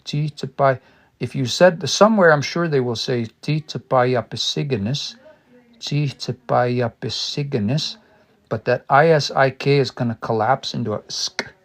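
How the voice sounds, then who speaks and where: A man studying a language on a casual livestream, thinking aloud and sounding out new words slowly and repeatedly. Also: mid-range voice. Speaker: language teacher.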